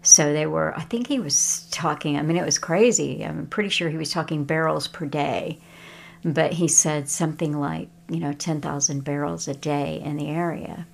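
A woman's voice: sits low, fairly even intonation, normal speed, creaky. A woman telling a personal story in a casual, conversational way, with chuckling asides. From Texas.

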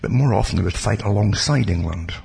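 Man, very deep voice, heavily gravelly and husky, rambling casual history talk. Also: brisk, a little mellow. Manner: rambling, digressive, asides like "you see". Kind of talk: casual spoken history monologue.

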